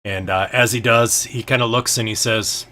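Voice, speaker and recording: A man's voice: fairly low pitch, fairly even intonation, normal speed, bright, forceful tone. A man narrating a tabletop game as game master, in a loose, hesitant way full of ums and filler words.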